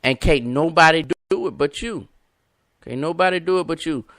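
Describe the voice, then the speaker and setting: A man's voice: a little high, moderate pace, a bit bright, dry recording, clean studio sound. A man hosting a live internet show, talking to listeners in an emphatic, repetitive, preacher-like cadence and greeting viewers by name. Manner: talks to viewers and callers by name. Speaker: podcast host. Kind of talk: live-stream preaching talk.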